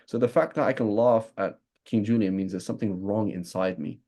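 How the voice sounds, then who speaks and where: British male teacher, low mellow voice, chatty lesson style, keeps checking in with "right?". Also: brisk. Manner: keeps asking "right?", acts out imagined speakers. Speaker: religious teacher. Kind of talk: conversational lesson.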